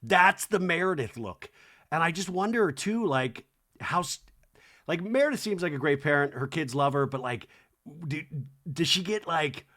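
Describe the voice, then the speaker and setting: Riffing on a reality-TV episode for his podcast, a man with a slightly high voice speaks at a moderate pace. He's animated and funny, doing lots of impressions and saying "like" constantly in this comedic recap.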